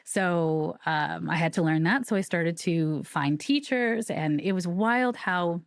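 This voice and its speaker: Middle-aged woman guest, low voice, dry close sound, chatty and animated storyteller. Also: takes it slowly, no echo. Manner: chatty, animated, acts out quoted dialogue, laughs often. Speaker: guest, psychic medium. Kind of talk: personal storytelling in a podcast interview.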